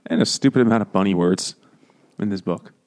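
Deep-ish guy cracking crude jokes over beers on a podcast. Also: a little fast, darkish tone. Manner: wisecracking, crude. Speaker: podcast co-host. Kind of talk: casual chat.

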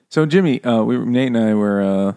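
A man's voice: mid-range voice, gravelly, clean tone. A man casually talking about a book on a podcast, often laughing, swearing and acting out quotes. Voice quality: profane, laughing often, animated quoting.

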